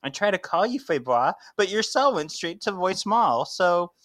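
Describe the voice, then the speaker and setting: A man voicing a clueless, rambling young man in a higher voice while reading a comic aloud. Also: sing-song, normal speed, a bit bright, dry recording. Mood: eager. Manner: chatty, run-on, pitched up.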